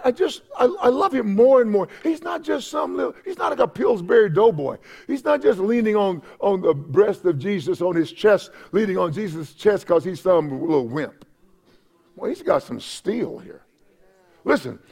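A male pastor preaching from the pulpit, his voice pitched high with a gravelly rasp. He builds to shouted peaks, stumbles over repeated words, and drops back to a conversational tone. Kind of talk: sermon. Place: church sanctuary.

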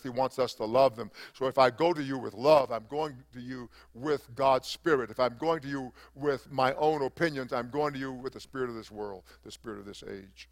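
Gravelly older man preaching a sermon. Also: mid-range voice. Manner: preaching with rising emphasis and many fillers. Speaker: pastor.

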